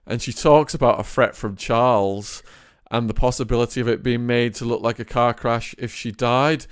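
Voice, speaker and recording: A male podcast host asks his guest short, direct questions. His voice is smooth and clear, sitting at a middle pitch. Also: fairly even intonation, moderate pace. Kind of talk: interview questions.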